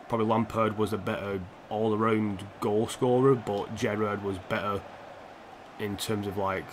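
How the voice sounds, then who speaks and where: A man's voice: fairly low pitch, noisy background. A young man live-streaming a football game, rambling and opinionated, swearing freely as he plays. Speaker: gaming streamer.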